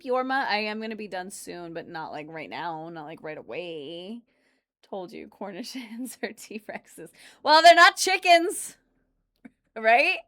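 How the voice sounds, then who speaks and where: Female streamer, average pitch, loose rambling chat, answers comments. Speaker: streamer reacting to videos. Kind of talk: casual live-stream chat.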